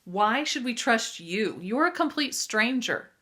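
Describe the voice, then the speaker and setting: A brash young boy twin brags eagerly about himself, as a woman reads him in a storybook. He is excitable and quick to show off. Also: fairly high pitch. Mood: suspicious.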